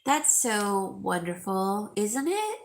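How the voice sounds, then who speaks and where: A woman's voice: medium pitch, sing-song, slow pace, a little hiss or hum. A middle-aged woman hosting a live jewelry sale, chatting emotionally with viewers and calling them by name. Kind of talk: casual chat with viewers.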